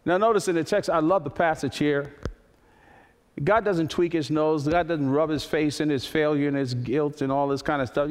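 A male pastor preaching a sermon, building to loud high peaks and then dropping to slow, quiet emphasis. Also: fairly even intonation. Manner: preaching with sudden swells to high, loud climaxes and soft, slow drops. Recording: long hall reverb.

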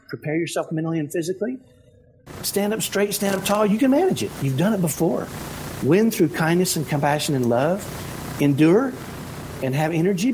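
A man giving parenting advice in an energetic motivational talk, often checking in with "right?". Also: fairly high pitch, slight background noise, rough recording. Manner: energetic, keeps asking "right?".

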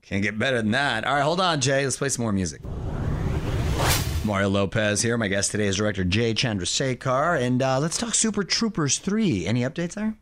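A man with a mid-pitched voice hosting a radio show. He throws to breaks and asks his guest questions in a brisk, upbeat manner. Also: a bit bright, a little hiss or hum. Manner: upbeat, brisk segment links.

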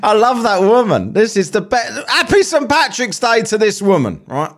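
An English man hosts a podcast, reading a news article aloud and chatting casually with lots of swearing and banter. His voice sits high with a sing-song quality at a moderate pace, and he laughs at his own jokes.

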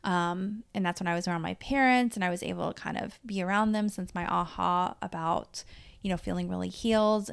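A woman's voice: medium pitch, gravelly, fairly bright tone, smooth. A woman in her thirties hosting her own podcast, talking frankly and emotionally, swearing freely and speaking straight to her listeners. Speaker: podcast host and life coach. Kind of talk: candid personal podcast monologue.

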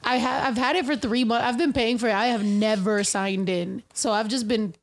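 Female co-host, higher register, animated storyteller with a foul mouth. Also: normal speed, gravelly. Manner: animated storyteller, swears freely, acts out quotes. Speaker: podcast co-host. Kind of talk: casual chat.

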